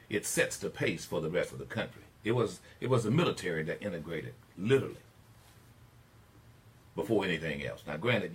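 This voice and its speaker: With a very low voice, an older man hosts a call-in talk radio show, preaching his opinions. On the points he cares about, he builds emphatic swells that climb toward shouting. Slight background noise can be heard.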